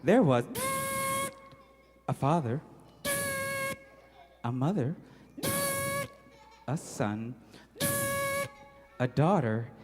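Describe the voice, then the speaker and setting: A man's voice: mid-range voice, expressive, very slow, pauses often, loud music behind the voice. A man telling a story live to children in a playful, interactive way, coaxing the audience to join in. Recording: long hall reverb.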